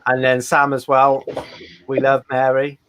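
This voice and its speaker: A man's voice: mid-range voice, monotone, a little slow, fairly bright tone, smooth. A man hosting a live stream, chattily reading out viewer messages and laughing often. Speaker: host.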